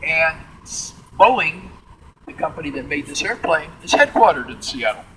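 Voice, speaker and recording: A man from the Midwest, guiding a museum tour and telling stories in an animated way. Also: fairly high pitch, moderate pace, a little hiss or hum, poor audio. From Midwestern United States. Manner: animated, acts out quotes in character voices. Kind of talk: storytelling tour talk. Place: large museum hangar, indoors.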